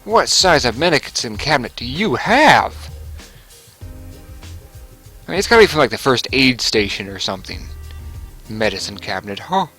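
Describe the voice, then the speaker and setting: A man's voice: mid-range voice, sing-song, normal speed, pauses often, pushed and bright, soft background music, poor audio. A young man giving casual, rambling commentary over a game he plays, chuckling and correcting himself as he goes. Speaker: gaming video commentator. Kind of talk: casual let's play commentary.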